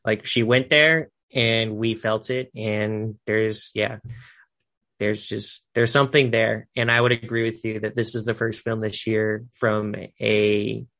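A man's voice: lowish voice, flat delivery, a little slow, a bit bright. A Canadian man co-hosting a podcast, chatting casually and enthusiastically about a film, rambling with fillers. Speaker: podcast co-host. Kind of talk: casual film review chat.

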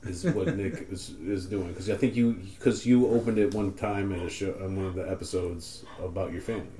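Worn-out guy chatting on a podcast, lowish voice, roomy echo. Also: fairly even intonation, a little fast, dark tone, a little hiss or hum. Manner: tired, laid-back banter. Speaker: podcast co-host. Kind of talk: casual podcast chat.

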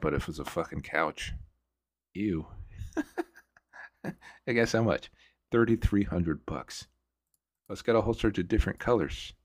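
A man with a very low, gravelly voice chats on his own, rambling and profane, often restarting his sentences. The sound is dry and close, like a desk mic at a computer. He comes across as a relaxed host working through his topics. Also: dry recording. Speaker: podcast host. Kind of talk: casual solo chat.

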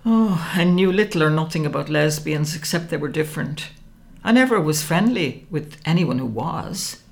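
A woman narrates a first-person novel with wry expression. Her pitch swings freely through each phrase, and a gravelly texture runs beneath her voice. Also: expressive, moderate pace. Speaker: audiobook narrator.

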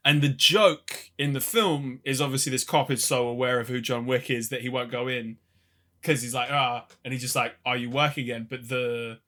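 A man with a bright, forward voice chats casually about films as a podcast co-host. He tells stories with a laugh and acts out scenes in quick quoted bits. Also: medium pitch, steady tone. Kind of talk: casual film chat.

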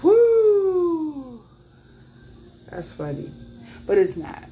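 A woman's voice: mid-range voice, expressive, normal speed. A chatty woman reading tarot cards, her talk loose and slangy and broken up by frequent laughter. Her voice sits in a middle register, with a faint hiss of noise behind it. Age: adult parent. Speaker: tarot reader.

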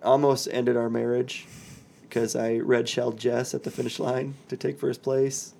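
A man in his thirties co-hosting a casual podcast, telling stories with animated, mock-serious humor. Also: mid-range voice, a little slow, gravelly, a little hiss or hum. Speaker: podcast co-host. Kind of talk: casual chat.

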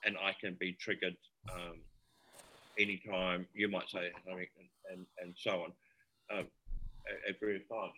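Reflective New man, bright-edged voice. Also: deep voice, flat delivery, normal speed, long pauses, a little hiss or hum. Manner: reflective, searching for words. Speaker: podcast guest, former paramedic. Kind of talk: casual podcast conversation.

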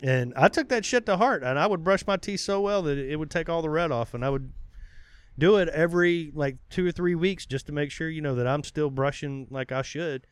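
A man in his thirties telling a profane, animated story in casual podcast chat. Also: a little high, fairly quick, clear, resonant tone, no room sound. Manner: profane, animated, acts out quoted voices.

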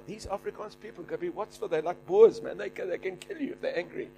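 High-voiced preacher man telling a story. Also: fast, gravelly, a little hiss or hum. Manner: animated, shouting and laughing through a story. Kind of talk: sermon storytelling.

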